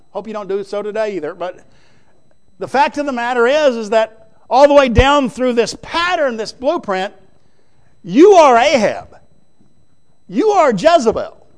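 A man preaching a sermon in an emphatic, folksy way, swinging between loud stresses and hushed asides. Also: high-pitched, smooth.

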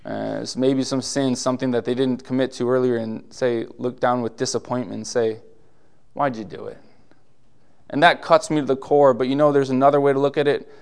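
A male pastor preaching a sermon in a laid-back, conversational way, full of rhetorical questions and quick asides. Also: mid-range voice, level tone, vocal fry, a little mellow, smooth.

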